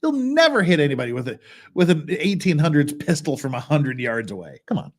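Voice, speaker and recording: A man's voice: on the high side, sing-song, a little fast. A man, a lawyer, giving casual reaction commentary as he reads a blog aloud, talking conversationally with exasperated asides.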